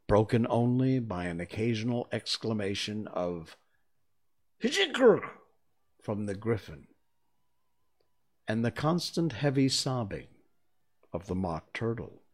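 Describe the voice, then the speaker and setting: A man narrating a storybook in an unhurried, expressive reading. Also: on the low side.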